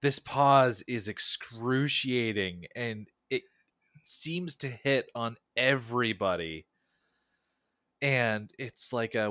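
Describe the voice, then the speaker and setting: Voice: mid-range voice, takes it slowly, a bit bright, dry recording, studio quality. A podcast guest chatting casually and acting out jokey voices for onlookers. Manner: jokey, acts out silly voices for bystanders.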